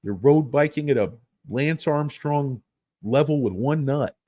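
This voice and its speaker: A man's voice: medium pitch, a little slow, mellow, no room sound, clean studio sound. A man hosting a casual stock trading livestream, rambling and joking as he talks. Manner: rambling, joking, bouncy delivery.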